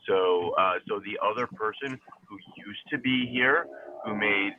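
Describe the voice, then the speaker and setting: A man's voice: on the low side, measured pace, noisy background. A man from the platform team answering a question, stumbling and repeating words, heard over dull audio with street voices behind him.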